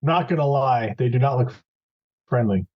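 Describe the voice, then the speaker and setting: A man's voice: medium pitch, lively intonation, moderate pace. A man chatting casually and jokingly as a player in a tabletop game. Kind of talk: casual chat. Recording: dull lo-fi sound.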